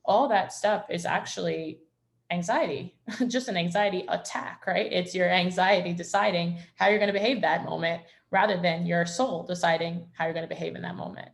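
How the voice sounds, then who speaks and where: A woman hosting a members' video call, talking gently and reassuringly in a reflective coaching style. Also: fairly low pitch, steady tone, normal speed, creaky.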